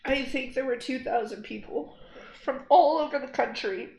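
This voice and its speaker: A young woman streaming, speaking earnestly and angrily, shaken after crying, halting and repeating herself. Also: high-pitched, gravelly, a little mellow. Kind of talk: emotional livestream address. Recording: roomy echo.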